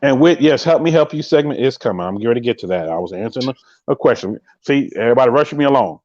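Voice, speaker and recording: A man's voice: medium pitch, animated, very fast, darkish tone, dry recording, lo-fi sound. A man hosting a live podcast in a casual chat, speaking emphatically and straight to his viewers, and often repeating his catchphrases. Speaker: podcast host.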